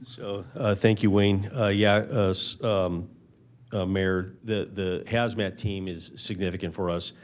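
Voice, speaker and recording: A man speaking as fire chief at a council meeting, halting and full of filler words. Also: low voice, fairly even intonation.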